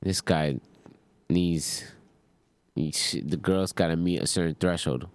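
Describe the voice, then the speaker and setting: A man's voice: sits low, a little slow, dry recording. A man teasing a friend and chiming in during a casual chat. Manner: teasing, joking interjections.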